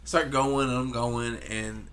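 A man in his own casual voice telling a rambling story to a friend, swearing freely and acting out the sounds of a machine. Middle pitch, with a faint hiss of noise under the recording. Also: takes it slowly. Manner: animated, swearing, imitates engine noises. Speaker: podcast co-host.

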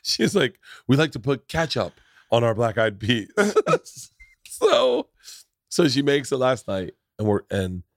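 Animated man telling stories, dry sound. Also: slow pace, vocal fry, no room sound. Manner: animated, jumps into loud high voices when quoting. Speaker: podcast host. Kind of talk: casual storytelling chat.

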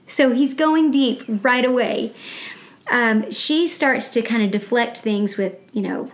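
A woman's voice: a little high, takes it slowly. A woman hosting a Bible study podcast, reading scripture and commenting with earnest, exclamatory enthusiasm. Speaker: podcast host. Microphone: podcast microphone.

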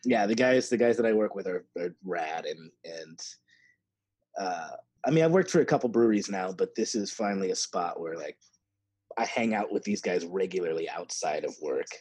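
Husky, easygoing man chatting as a guest. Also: low voice, dry recording. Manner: relaxed, easygoing, quick to laugh. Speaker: podcast guest, brewery worker. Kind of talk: casual chat.

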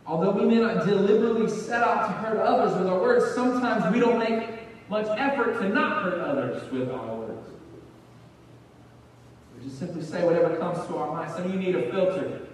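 A man's voice: high voice, moderate pace, a little hiss or hum. A man preaching a sermon in a conversational way, often repeating words as he gets going. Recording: echoey hall, far from the mic.

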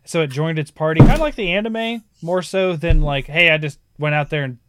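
A man hosting a casual gaming podcast, telling stories in an animated way with lots of "like" and "um". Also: a little high, a little fast, very noisy. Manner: animated storyteller, frequent "like" and "um". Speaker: podcast host.

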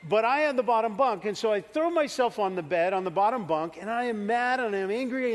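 A man with a high voice preaches and tells a story from his own life, acting out the scenes as he goes. His voice rings through a large church hall with a long echo. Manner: animated storytelling, acts out his younger self. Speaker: pastor. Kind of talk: sermon with personal story.

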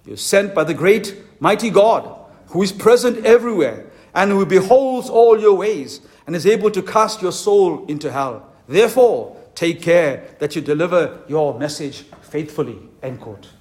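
A man preaching a fervent conference sermon as a pastor, with slow, emphatic, stressed phrases. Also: high-pitched, animated, a little mellow. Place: conference hall.

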